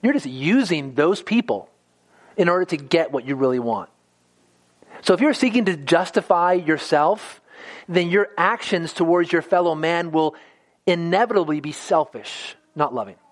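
Earnest high-voiced male preacher. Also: lively intonation, normal speed. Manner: earnest, stumbles and repeats words. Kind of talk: sermon.

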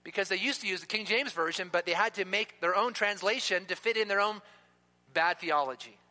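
High, bright-voiced preacher man. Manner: emphatic, slowing down to stress key words. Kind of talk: sermon. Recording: long reverb of a hall.

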